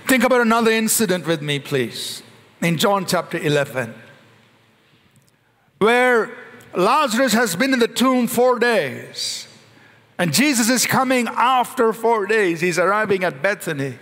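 A high-voiced male pastor delivers an animated sermon in a big, echoing church, slowing down and rising in pitch on quoted prayers. The recording carries a long hall reverb.

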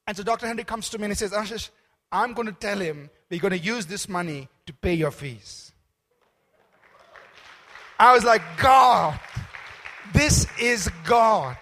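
A man's voice: high voice, a bit bright. A middle-aged man preaching a sermon, telling a personal testimony with many fillers and emphatic calls to the congregation. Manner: storytelling with many fillers and restarts. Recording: long reverb of a large hall.

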